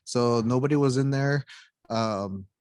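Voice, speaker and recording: A young man with a mid-pitched voice swaps stories with friends on a podcast. He is loose and profane, and he laughs his way through each tale. His voice sits close on the mic in a dry, dead room. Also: measured pace, darkish tone, clean tone, no room sound. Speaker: podcast co-host. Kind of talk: casual storytelling among friends.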